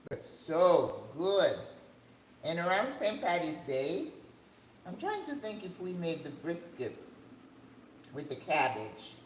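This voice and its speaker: An older woman hosting a cooking channel, chatting casually as she cooks in her home kitchen, rambling and breaking into excited high notes. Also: measured pace, pauses often. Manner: chatty, rambling, with sudden excited jumps in pitch. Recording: echoey room with faint background hum.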